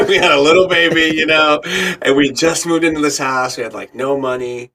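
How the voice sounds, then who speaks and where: Give me a middle-aged man guesting on a podcast, an animated storyteller with a tense, bright tone. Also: on the high side, normal speed. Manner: animated storyteller acting out quoted voices, laughs often. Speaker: actor and radio host, interview guest.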